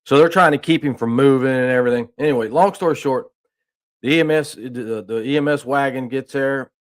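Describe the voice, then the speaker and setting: A man with a medium-pitched voice and brisk delivery hosts a news talk stream. He tells a rambling, folksy story and reads the news aloud casually, full of restarts and "I mean."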